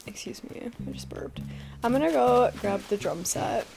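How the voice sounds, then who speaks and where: A soft-spoken woman streamer chatting casually while eating and gaming, murmuring between bites. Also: fairly high pitch, animated, moderate pace, vocal fry, music in the background.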